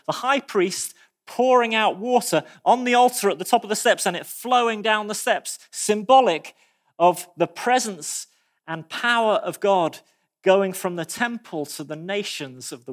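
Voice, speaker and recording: Man, preacher, high-pitched, expressive, dramatic pauses, sermon.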